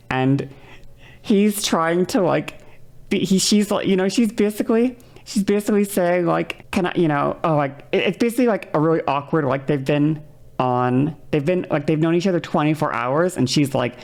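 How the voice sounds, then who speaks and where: A woman streamer chatting casually while she reacts to a video, rambling and cutting herself off, and now and then acting out quoted lines in a higher voice. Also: vocal fry, a little mellow. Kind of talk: casual chat.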